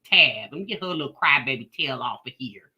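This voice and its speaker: A woman's voice: rumbling low, fairly quick, husky, dull audio. A woman hosting a casual reaction live stream, talking sassily and straight to her viewers as she reads out the chat. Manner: animated, sassy, talks straight to her chat. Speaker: live-stream commentary host.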